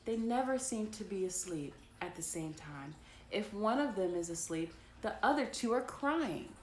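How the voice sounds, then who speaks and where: A woman's voice: mid-range voice, animated, moderate pace, echoey room, slight background noise, lightly acted. A woman reading as a gloomy young boy. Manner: gloomy, complaining. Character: gloomy young boy, new big brother.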